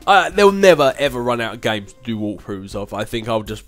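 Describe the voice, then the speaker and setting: A man's voice: medium pitch, big pitch swings, a little fast, fairly bright tone. Young man, casual Q&A host, rambling, laughing, faint background music. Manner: chatty, rambling, laughs often, with filler hums. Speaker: YouTube channel host answering viewer questions. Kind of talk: casual Q&A chat.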